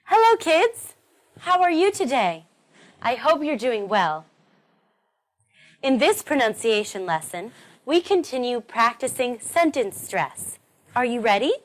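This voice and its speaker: A woman teaching English pronunciation in a recorded online lesson, encouraging and deliberately modelling sentence stress. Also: a little high.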